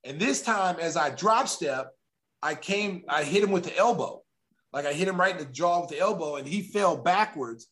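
Animated middle-aged man telling a story. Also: fairly high pitch, normal speed. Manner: animated, acting out quotes, frequent restarts. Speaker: former pro basketball player and TV analyst. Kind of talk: casual storytelling.

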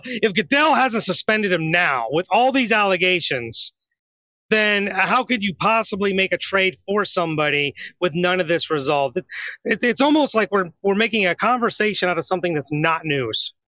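A male co-host with a high, bright, forceful voice walks through statistics with confidence. The recording is dry and a little dull and lo-fi. His delivery is casual and sure of itself. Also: expressive, no echo. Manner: brisk, stat-heavy, confident. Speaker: sports betting podcast co-host. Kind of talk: casual sports talk. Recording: slightly dull lo-fi sound.

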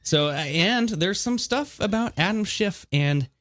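A man co-hosting a casual political podcast, talking in an animated, mocking way and laughing often. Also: sits high, a little slow. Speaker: podcast co-host.

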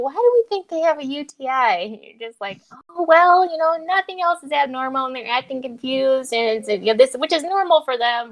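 A woman co-hosting a casual chat, telling work stories with lots of laughter and acted-out quotes. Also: high-pitched. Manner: animated storytelling, acts out quotes, laughs often. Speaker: podcast co-host, clinician.

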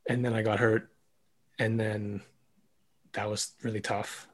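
Husky-voiced male podcast host. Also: on the low side, level tone, measured pace, long pauses. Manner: talkative, reflective, many "like" fillers. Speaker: podcast host, former ballet dancer. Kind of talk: casual podcast conversation.

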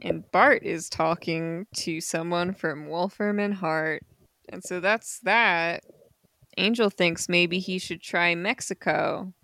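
A woman's voice: lowish voice, steady tone, slow, fairly bright tone, no room sound. A woman co-hosting a podcast, recapping a comic in casual chat with unsure asides and easy laughs. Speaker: podcast co-host.

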